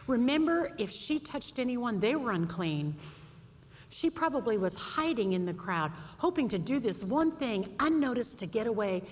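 A woman giving a storytelling sermon to a women's audience, animated and acting out voices. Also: a little high, normal speed, husky. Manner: lively storyteller, acts out voices. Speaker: speaker at a women's event. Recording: echoey hall, faint room noise.

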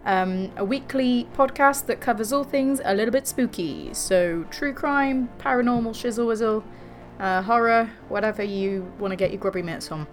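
A woman with a fairly high voice, speaking at normal speed over faint background music, co-hosts a podcast. She tells a creepy story in a jokey, giggly way and swears casually.

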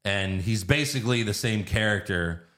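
Male podcast host, low voice, loose and profane, does silly voices when he quotes characters. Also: normal speed, a bit bright. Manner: swears freely, acts out quoted lines in silly voices. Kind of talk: casual movie-recap chat.

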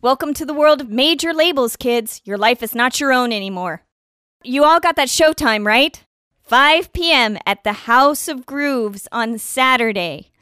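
Casting: a woman as a frazzled female band leader, very high, bright and bossy, in a stage play. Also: unhurried, clean tone, no echo, clean studio sound. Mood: exasperated. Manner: exasperated, bossy.

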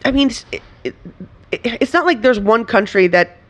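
A woman's voice: a little high, expressive, normal speed. A woman from Venezuela, a comedian guest in casual interview chat, talking animatedly with laughs and frequent restarts.

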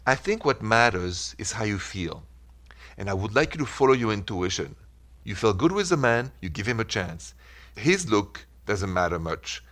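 A low-pitched man with a French accent hosts a call-in advice show. He talks in short, earnest, reassuring phrases to a studio microphone. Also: a bit bright. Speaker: radio relationship advice host.

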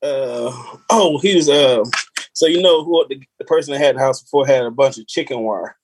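A man's voice: medium pitch, brisk, breathy edge. A man co-hosting a podcast, telling rambling stories with laughs in casual chat.

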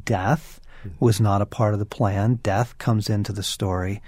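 A man's voice: lowish voice, steady tone, measured pace, darkish tone, no echo. A man co-hosting a podcast conversation, talking about faith and suffering in an earnest, emphatic, preacherly way. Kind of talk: conversational Christian teaching.

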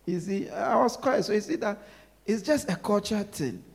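A man's voice: high voice, lively intonation, normal speed, vocal fry, husky. A male preacher giving a sermon, repeating his points with emphasis and asking the congregation to finish his sentences.

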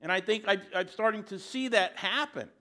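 A man's voice: high voice, normal speed, bright, forceful tone. A man preaching a sermon in a conversational way, with joking asides.

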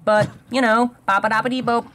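A shrill young man whines in a high falsetto, as a man puts him on. He sounds wounded and trails off into silly scat syllables. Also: fairly even intonation, brisk, sharp tone, slight background noise. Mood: indignant.

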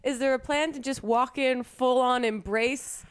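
A woman's voice: high voice, fairly even intonation, a little slow, clear, resonant tone, no room sound, studio quality. A woman co-hosting a podcast, reacting with teasing jokes in casual chat. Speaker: podcast co-host.

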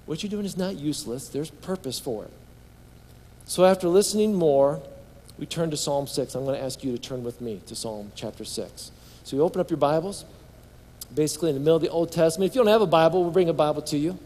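A man's voice: on the high side, fast, dark tone. A man preaching a sermon as pastor, reading scripture aloud with building fervor and leading the congregation in call-and-response. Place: large hall or church. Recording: long hall reverb.

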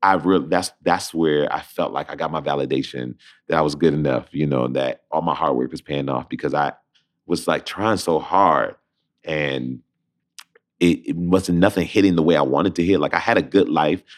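Deep-voiced man telling animated stories. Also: normal speed. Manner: animated, acts out voices in anecdotes. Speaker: interview guest. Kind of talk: casual storytelling.

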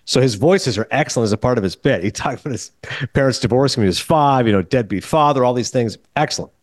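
A film podcast host with a mid-range voice talks fast, telling a casual story and animatedly acting out other people's quoted lines. The recording is clean studio sound with no room noise.

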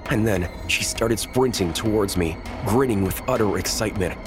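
A man narrating a first-person horror story in a measured, tense storytelling manner. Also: on the low side, music in the background.

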